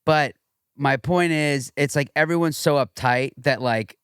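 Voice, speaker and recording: A man's voice: a little high, measured pace, clear, resonant tone, dry recording, clean studio sound. A man co-hosting a podcast, chatting in an easygoing way and telling little stories with quoted asides. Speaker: podcast co-host. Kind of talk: casual podcast chat.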